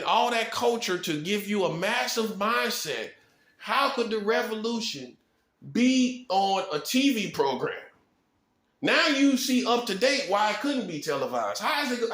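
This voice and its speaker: High male preacher, rhetorical and punchy, self-amused, recorded in a roomy apartment. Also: fairly bright tone. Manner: rhetorical, fast-talking, punctuates points with "boom"; chuckles at his own points. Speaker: self-styled prophet. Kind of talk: preaching monologue to camera. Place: apartment room. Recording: echoey room.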